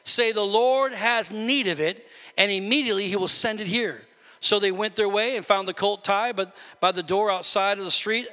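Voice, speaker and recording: A man pastor preaching a sermon, animatedly acting out his talks with God and shouting at the peaks. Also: sits high. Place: church sanctuary. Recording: long reverb of a church hall.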